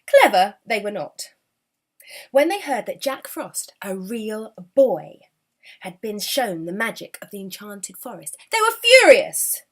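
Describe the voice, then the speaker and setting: A woman reading a children's storybook aloud with an expressive, animated delivery. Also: mid-range voice, measured pace.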